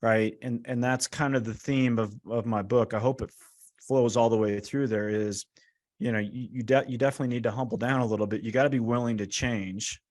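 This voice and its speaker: A male guest author in an interview, telling his stories in a relaxed, conversational way. He slips into quoted dialogue with lively energy, often tossing in "right?" and "like.". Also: mid-range voice, a little fast. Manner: animated, acts out quoted dialogue; casual, frequent "right?" and "like". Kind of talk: storytelling interview talk.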